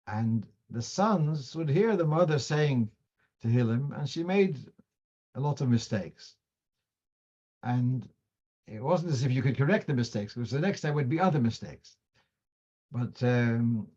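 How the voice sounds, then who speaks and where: A man's voice: medium pitch, a little mellow, muffled recording. A man teaching a class on Jewish law, explaining patiently with examples and mixing Hebrew and Yiddish terms into his English. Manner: explanatory, digressive, uses examples.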